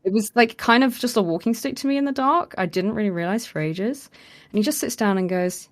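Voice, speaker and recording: A podcast co-host with a medium-pitched voice talks a little fast while sharing a story in casual chat. She brings it to life by acting out what people said, using a lot of fillers along the way.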